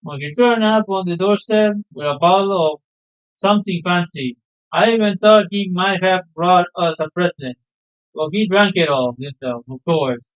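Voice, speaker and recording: A man's voice: high-pitched, normal speed, clean tone, lo-fi sound, lightly acted. A man reading a fussing, fond mother. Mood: chiding. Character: fussing middle-aged mother, fond and exasperated. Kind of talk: reading game dialogue aloud.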